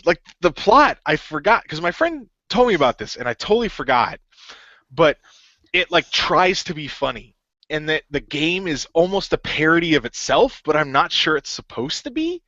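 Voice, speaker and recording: A man's voice: fairly high pitch, sing-song, moderate pace, pushed and bright, no echo, dull audio. A man co-hosting a podcast in casual chat, rambling with lots of fillers. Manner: rambling, filler-heavy, full of "like". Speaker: podcast co-host.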